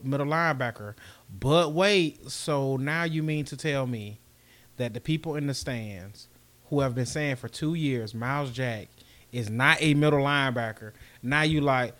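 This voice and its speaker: A man's voice: mid-range voice, moderate pace, fairly bright tone. A man co-hosting a casual sports podcast, joking and teasing as he argues his side. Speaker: podcast co-host.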